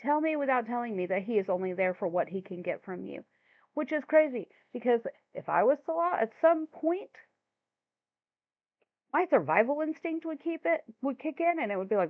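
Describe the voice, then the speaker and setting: A woman's voice: a little high, big pitch swings, normal speed, dry recording. A woman hosting a reaction commentary, sounding exasperated and incredulous, stumbling over her words when flustered. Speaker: commentary channel host. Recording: thin phone-like dry sound.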